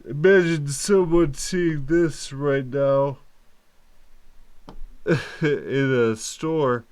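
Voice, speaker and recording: A man talking candidly in a personal video diary, in slow, halting speech broken by long pauses and sighs. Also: medium pitch, darkish tone, smooth. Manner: candid, informal, occasional cursing. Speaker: vlogger.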